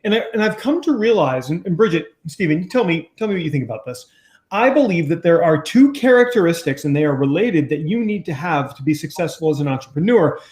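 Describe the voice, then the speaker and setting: A man's voice: a little high, expressive, fast, darkish tone. Man host from new jersey, jokey and rambling, raised voice, echoey room. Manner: jokey and rambling, full of restarts and sound effects like "boop". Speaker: business coach hosting a training call. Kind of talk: casual group chat turning to a coaching talk. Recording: roomy echo.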